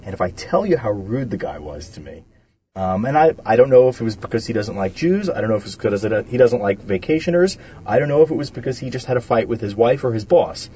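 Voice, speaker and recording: A man's voice: mid-range voice, animated, fast, warm tone, husky, muffled recording. A man hosting a radio talk show, chatting casually and reading statements aloud with many fillers.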